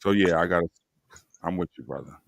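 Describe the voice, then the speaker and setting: A man's voice: low-pitched, fast talker, gravelly, slight background noise. A man hosting a casual podcast chat, laid-back and slangy, joking as he talks. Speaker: podcast host. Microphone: remote stream mic.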